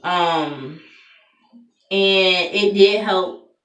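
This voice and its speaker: Soft-spoken confiding woman. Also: lowish voice, extremely slow. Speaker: vlogger. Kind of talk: personal story told to camera. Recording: echoey room, far from mic.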